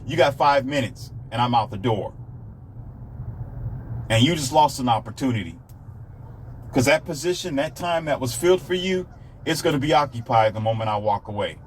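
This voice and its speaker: A man's voice: medium pitch, lively intonation, moderate pace, pauses often, a little hiss or hum. A man delivering a blunt, emphatic monologue of relationship advice, hammering the same points again and again. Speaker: self-published author giving dating advice. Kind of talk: ranting monologue.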